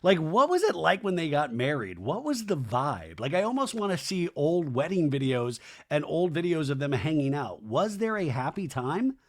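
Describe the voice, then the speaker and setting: A man hosting a podcast, recapping reality TV in an animated, gossipy way and swearing. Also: on the high side, normal speed, few pauses. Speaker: podcast host.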